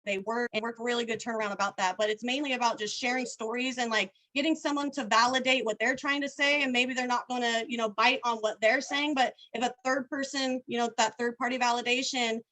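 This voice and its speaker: A woman on a video call talking fast and excitedly, full of slang and energy. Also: on the high side, rough recording. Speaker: team leader guest. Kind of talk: casual video call chat.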